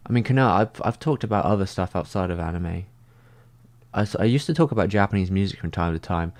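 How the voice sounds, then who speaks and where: A man with a deep, low-pitched voice chats casually on a livestream, working through viewer questions. He rambles, leans on "like" constantly, and restarts his sentences as he thinks aloud. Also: lively intonation, fast, darkish tone. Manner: rambling, heavy use of "like". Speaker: streamer answering viewer comments.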